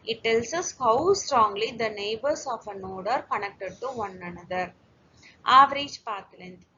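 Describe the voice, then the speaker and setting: A woman's voice: a little high, bright, forceful tone. A woman giving a recorded lecture, explaining step by step with occasional fillers and restarts. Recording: dull lo-fi lecture recording with faint hiss.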